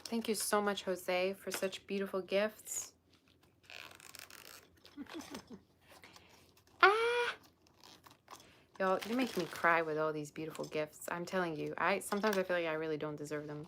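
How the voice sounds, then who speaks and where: A woman with a low voice hosts a casual tarot livestream and chats directly to her viewers. She gushes effusively and sounds openly emotional. A steady hiss sits under her words, picked up on a built-in device mic. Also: normal speed. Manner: effusive, gushing and emotional while unboxing gifts. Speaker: tarot reader livestream host. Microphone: built-in device mic, no proper microphone.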